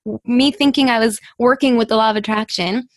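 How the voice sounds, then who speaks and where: Animated higher-voiced woman guest. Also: brisk, dry recording. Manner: animated, laughs often, acts out quoted dialogue. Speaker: guest, actress and public-speaking coach. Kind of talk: casual podcast interview storytelling.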